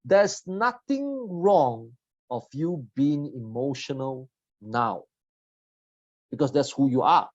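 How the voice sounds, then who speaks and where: A man in his forties giving a motivational seminar talk, blunt and teasing, swinging between loud jabs and quiet asides. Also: mid-range voice, animated, slow, no echo. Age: 40s. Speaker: seminar trainer. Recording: dull lo-fi audio.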